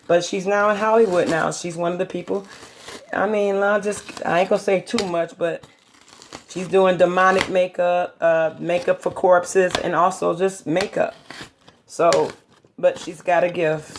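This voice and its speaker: A woman's voice: fairly low pitch, gravelly, noisy background. A middle-aged woman vlogging from her home kitchen, telling rambling stories in a chatty, casual way. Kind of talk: casual chat.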